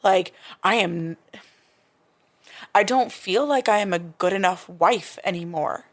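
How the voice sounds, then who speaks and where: A woman's voice: fairly low pitch, unhurried. A woman in her thirties talking casually as a podcast guest, hesitant and searching for words with many restarts. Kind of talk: casual recovery-group conversation.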